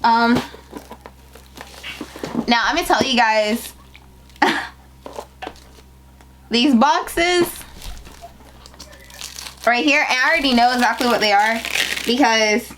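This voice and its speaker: A young woman unboxing her new business packaging in a casual vlog, excitable and emotional, talking in slang. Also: fairly high pitch, background noise. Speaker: beauty business owner.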